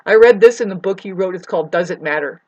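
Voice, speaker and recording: A woman's voice: mid-range voice, quick pace, a little mellow, lo-fi sound. A woman delivering a rambling, profane, agitated monologue to the camera as a vlogger.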